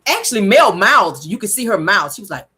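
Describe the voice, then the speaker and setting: Sassy woman with a lively voice. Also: mid-range voice, fairly quick, husky. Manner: sassy, animated, gossipy. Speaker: reality show reviewer. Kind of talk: casual recap commentary.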